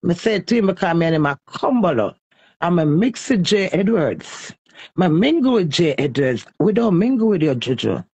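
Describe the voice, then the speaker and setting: A woman's voice: on the low side, big pitch swings, normal speed, a little mellow, breathy edge, no room sound. A woman with a Jamaican accent ranting heatedly and scolding someone in a repetitive live stream.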